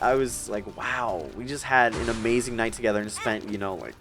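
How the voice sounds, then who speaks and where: A young man of eighteen talks through a personal story in a loose, rambling way, his voice sitting a little low. He gets emotional and close to tears at points, with faint music playing underneath. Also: a little fast, fairly bright tone. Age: young adult. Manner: rambling, emotional, tearing up with nervous laughs. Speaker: streamer telling a personal story. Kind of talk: casual storytelling while gaming.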